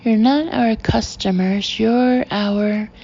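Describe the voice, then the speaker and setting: A polished male developer making a slick pitch, read by a woman narrator. The voice is mellow with some gravel, recorded dull and lo-fi. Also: fairly even intonation, slow pace. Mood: smug. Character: smooth male property developer giving a speech.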